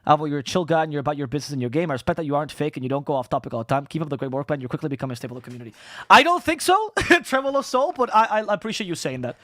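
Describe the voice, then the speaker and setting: A man rattles through casual stream chat at a rapid clip, tripping over and restarting his words and swearing freely. His voice sits a bit high for a man and sounds dry and close, with no room around it. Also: no room sound. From Spain. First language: Spanish. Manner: fast, rambling, profane, restarts words. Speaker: esports caster and streamer.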